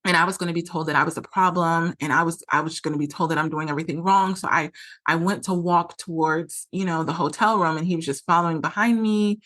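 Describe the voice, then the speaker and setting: A woman's voice: on the low side, a bit bright. A woman podcast host telling a personal story in a candid, emotional way, with lots of "like" fillers. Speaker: podcast host and relationship coach.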